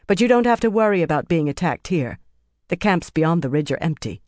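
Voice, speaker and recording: Calm woman commander giving a steady battle report in an audiobook, read near the narrator's own voice. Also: mid-range voice, fairly quick, dry recording, clean studio sound, close to an everyday voice. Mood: matter-of-fact. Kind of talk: audiobook character voice.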